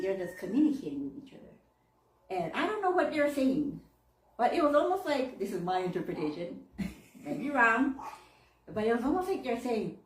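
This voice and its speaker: Lively woman minister in an echoey church. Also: medium pitch, brisk, distant mic. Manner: animated, laughing storyteller. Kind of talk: storytelling sermon.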